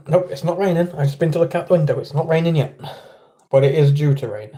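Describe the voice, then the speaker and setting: An English man hosts a casual live chat on a livestream from indoors at home, rambling and poking fun at himself as he talks with viewers. His voice is a little high, brisk, and mellow.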